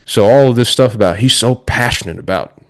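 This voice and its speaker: A man's voice: mid-range voice, fairly quick, no echo, clean studio sound. A man hosting a podcast, sarcastically reviewing wrestling in casual chat and laughing often. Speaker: podcast host.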